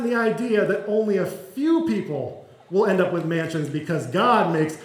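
A man's voice: sits high, expressive, moderate pace, roomy sound, poor audio. A man pastor giving a sermon in a conversational, self-deprecating way, with touches of humor. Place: church sanctuary.

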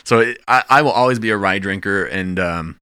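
A man co-hosting a casual podcast, his voice bright and forward against a fairly low pitch. He rambles easily, circling back with fillers and restarts. The sound is dry and close, with no room around it. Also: a little fast, clear, resonant tone, no echo. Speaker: podcast co-host. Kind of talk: casual chat.

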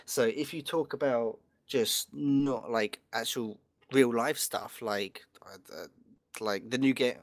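A man's voice: mid-range voice, takes it slowly, dry recording. Male co-host, casual gamer chat, rambly delivery full of fillers, dry close sound. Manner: rambling, frequent fillers and restarts. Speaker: podcast co-host.

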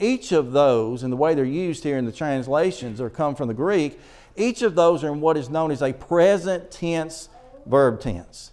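A middle-aged man preaching a sermon in church. He reads scripture slowly and presses his points with earnest emphasis. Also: mid-range voice, a little mellow.

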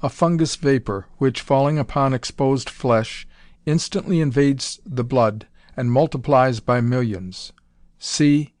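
A man's voice: unhurried, darkish tone, no room sound, clean studio sound, close to an everyday voice. A man voicing a fierce, proud warrior officer who speaks in archaic thee-and-thou English. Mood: explaining. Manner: archaic thee-and-thou speech, deep and commanding.

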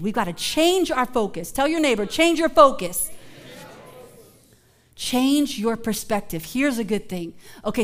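A woman pastor preaching a sermon in a casual, conversational way, building from hushed moments to emphatic shouts. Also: high voice.

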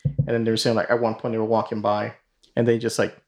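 A man's voice: fairly low pitch, monotone, quick pace. A man hosting a podcast, casually retelling a story in a rambling way full of fillers and swearing. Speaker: podcast host.

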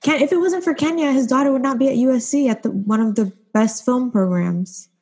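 A woman hosting a casual discussion, posing questions and sharing measured thoughts. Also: high-pitched, a little mellow. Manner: leads with questions, measured and reflective. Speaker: discussion host.

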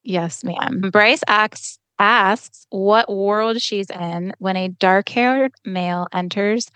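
A woman co-hosting a casual book podcast, recapping chapters in a chatty, expressive way. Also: mid-range voice, slow, clean tone, no echo. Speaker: podcast co-host.

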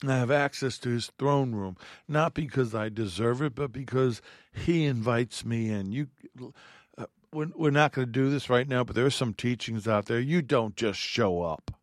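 A man's voice: medium pitch, normal speed, no echo, clean studio sound. A man giving a heartfelt radio Bible teaching, reading scripture aloud and speaking earnestly.

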